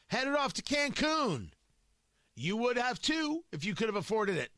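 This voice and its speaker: A combative male host delivers opinionated political commentary, his voice sitting high and swinging widely in pitch. He hammers points home with rhetorical questions and repetition. The sound is bright and dry, close to the mic. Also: big pitch swings, unhurried, no echo.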